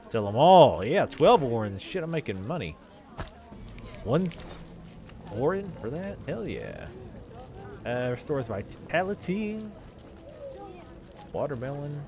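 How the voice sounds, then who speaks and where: A let's play host jokes and swears while casually commentating on a role-playing game, putting on silly voices. His medium-pitched voice is gravelly and swoops wildly, and he takes it slowly with frequent pauses over music.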